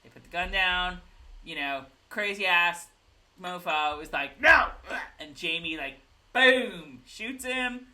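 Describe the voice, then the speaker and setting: A woman co-hosts a casual recap of a TV episode. Her voice sits a little low yet rings bright and swings widely in pitch. She laughs easily and keeps dropping into playful impressions of the characters. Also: slow. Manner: animated, giggly, acts out scenes in voices. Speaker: podcast co-host recapping a TV episode. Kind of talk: casual chat.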